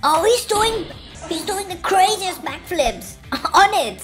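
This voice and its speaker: A woman hosts a reaction video in a high, lively voice, gasping and laughing at each clip. She speaks slowly and stretches her words. Music plays clearly underneath her. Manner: gasping, laughing, exclaiming at clips. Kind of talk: excited video reaction commentary.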